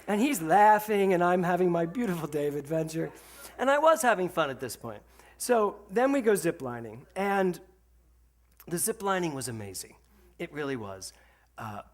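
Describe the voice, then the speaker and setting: A man giving a storytelling sermon to a congregation, animated and laughing, then slowing to a soft, reflective tone for spiritual points. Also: on the high side. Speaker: spiritual center speaker. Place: speaking to a congregation with slides.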